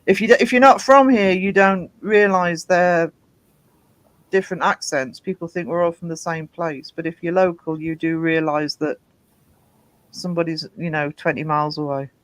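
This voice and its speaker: High-voiced man, halting chat. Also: fairly even intonation, dry recording, rough recording. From Britain. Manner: halting, lots of ums and restarts. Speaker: host. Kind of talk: casual livestream chat.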